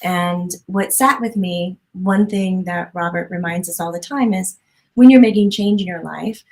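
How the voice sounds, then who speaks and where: Animated woman hosting an interview. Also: mid-range voice, gravelly, poor audio. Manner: animated, expressive storytelling. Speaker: podcast host. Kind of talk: conversational interview.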